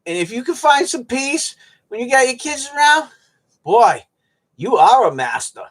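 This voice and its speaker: Folksy middle-aged streamer, lively pitch. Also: measured pace. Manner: folksy, joking, animated. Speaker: live streamer chatting with viewers. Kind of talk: rambling casual chat to viewers. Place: at home on a cold day.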